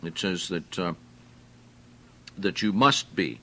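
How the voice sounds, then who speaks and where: A man preaching a sermon, teaching verse by verse in a slow, deliberate way and putting questions to his listeners. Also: low voice, animated, sharp tone, a little hiss or hum. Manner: slow, deliberate, explains Greek words and asks the listeners questions.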